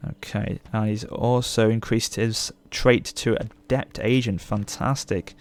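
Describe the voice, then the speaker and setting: A young man commenting on his strategy game as a let's play host, gushing with excitement. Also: lowish voice, unhurried, few pauses. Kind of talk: gameplay commentary.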